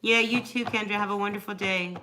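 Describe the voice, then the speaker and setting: A woman's voice: medium pitch, steady tone, brisk, noisy background. A woman chatting casually during a live tarot reading, answering viewers by name and laughing often. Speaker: tarot reader.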